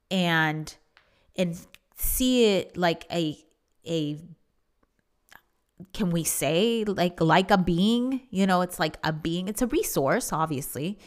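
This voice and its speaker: Earnest woman with a lowish voice. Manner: earnest, repetitive, many restarts and fillers. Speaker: speaker on affirmations. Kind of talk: casual motivational talk on money mindset.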